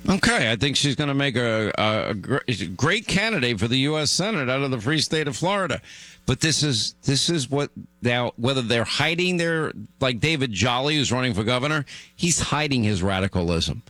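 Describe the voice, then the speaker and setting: A man's voice: mid-range voice, expressive, normal speed, sharp tone, dry recording. A middle-aged man hosting a talk radio show, delivering an emphatic monologue that gets worked up.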